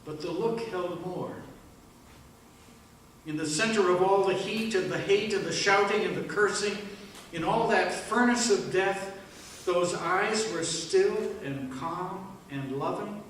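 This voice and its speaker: A man delivering a slow, solemn first-person dramatic monologue in a church service, with hushed pauses. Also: sits high, slight background noise. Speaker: worship leader. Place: church sanctuary. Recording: echoey room, mic at a distance.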